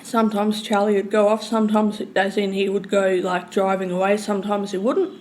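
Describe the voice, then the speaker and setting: A woman telling a long, rambling story in casual speech, swearing freely and swinging between loud and hushed. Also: medium pitch, little pitch movement, brisk, a little hiss or hum.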